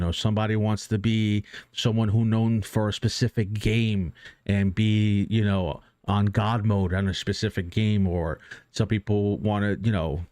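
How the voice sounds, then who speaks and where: Low-voiced man giving rambling pep talk. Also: a little mellow, no echo. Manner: rambling and earnest, many restarts and fillers, casual swearing. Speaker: streamer. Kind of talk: casual motivational talk on a live stream.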